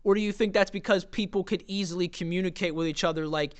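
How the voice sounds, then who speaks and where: A man's voice: sits high, steady tone, quick pace. A young man co-hosting a podcast, joking and teasing in loose, playful banter. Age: young adult. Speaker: podcast co-host. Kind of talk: casual podcast chat.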